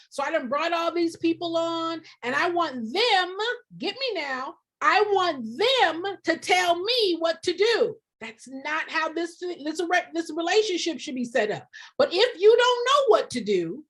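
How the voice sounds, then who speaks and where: A woman coaching nonprofit leaders in a passionate live talk, preachy and often breaking into shouting, hammering points home by repeating phrases. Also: very high-pitched, animated, a little slow.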